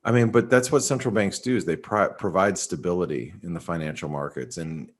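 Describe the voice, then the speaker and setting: A man's voice: sits low, a little fast. A man hosting a trading webinar, talking casually with many restarts and fillers over a call mic. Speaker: market analyst host.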